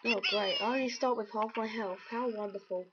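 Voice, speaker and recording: A woman rambles through casual let's-play commentary, cracking jokes as she goes. Her voice sits a little on the high side. The recording is muffled and lo-fi, with loud game music running underneath. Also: fairly even intonation, brisk. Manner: chatty, jokey, rambling. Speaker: gameplay commentator. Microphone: webcam or computer mic.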